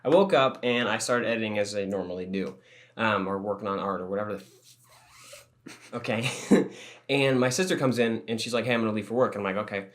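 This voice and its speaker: Young male podcast co-host, rapid, rambling, swears freely. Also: on the low side. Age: young adult. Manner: rambling storytelling, swears often, laughs a lot. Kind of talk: casual chat.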